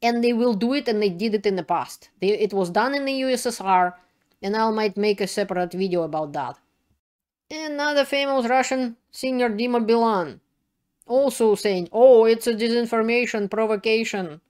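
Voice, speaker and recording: A woman's voice: medium pitch, animated, moderate pace, darkish tone. A woman giving an indignant, emphatic video commentary in non-native English with broken grammar. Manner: indignant, emphatic, plain-spoken. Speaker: political commentator.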